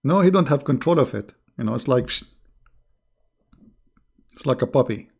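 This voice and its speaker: A man's voice: medium pitch, animated, normal speed, a little mellow. Sarcastic man hosting a livestream. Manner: sarcastic, mocking, clears throat often. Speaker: livestream host. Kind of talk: commentary monologue.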